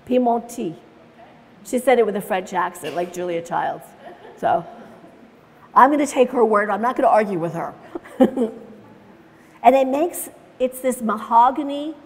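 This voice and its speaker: A woman teaching watercolor in a live demonstration, chatting through each step as she paints and laughing easily as she tells stories. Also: a little high. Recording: long reverb in a large room.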